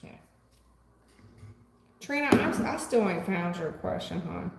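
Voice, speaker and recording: A woman giving a live tarot reading, blunt and profane, talking back to her chat in an animated way. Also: lowish voice, measured pace, gravelly. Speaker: tarot reader. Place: home room. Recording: echoey room with long reverb, faint noise.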